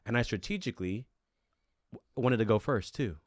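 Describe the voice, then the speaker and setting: A man's voice: on the low side, expressive, moderate pace, no echo, studio quality. A man casually recapping a reality show on a podcast, laid-back and swearing freely as he tells stories.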